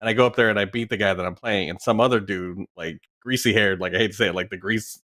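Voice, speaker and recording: Male co-host, rapid chatty storyteller, dry close sound. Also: on the low side, steady tone, pushed and bright, no room sound. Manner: fast, chatty, lots of "like". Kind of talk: casual chat, storytelling.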